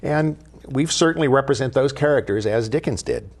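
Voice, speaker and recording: Brief: male TV host, living historian, mid-pitched, measured and explanatory. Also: breathy edge. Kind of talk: studio TV talk.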